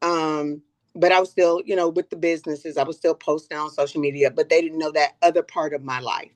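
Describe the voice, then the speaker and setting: Here the older woman's voice is low and steady, brisk in pace, with no room sound around it. Talking openly as a guest in a personal chat, she stays earnest and reflective and tends to repeat words as she collects her thoughts.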